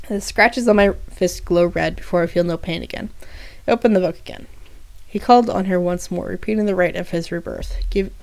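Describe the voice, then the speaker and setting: A woman's voice: on the low side, a little mellow, no room sound. A woman reading her first-person fan story aloud, with small restarts and asides between passages.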